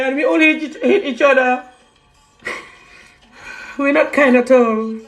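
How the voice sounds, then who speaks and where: A high-pitched woman pours out a fervent, outspoken monologue for her followers, circling back on the same points in broken English. Her voice rings in an echoey room with faint music under it. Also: fairly even intonation, unhurried, long pauses. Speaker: vlogger. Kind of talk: impassioned personal monologue.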